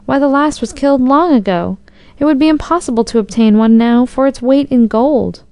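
A woman reading aloud does a worried, indignant mayor who barks orders and exclaims at every turn. The voice rides high and smooth, with a mellow tone, heard up close in a dry, quiet setting. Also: moderate pace, no echo. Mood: amazed, indignant. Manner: exclaiming, commanding. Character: anxious, indignant elderly male town mayor. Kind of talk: storybook narration.

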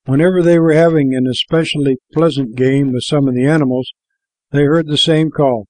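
A man reading a children's storybook aloud in a calm, measured way. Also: fairly high pitch, no echo, low-quality recording.

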